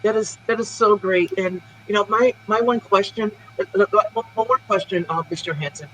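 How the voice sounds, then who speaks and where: A woman's voice: mid-range voice, fairly quick, fairly bright tone, soft background music, poor audio. Stammering woman asking rambling questions. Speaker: improv performer. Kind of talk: improv comedy scene.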